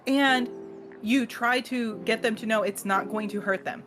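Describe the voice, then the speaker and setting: A woman co-hosting a podcast in casual chat, an animated storyteller who laughs often and acts out voices. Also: fairly high pitch, measured pace. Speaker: podcast co-host.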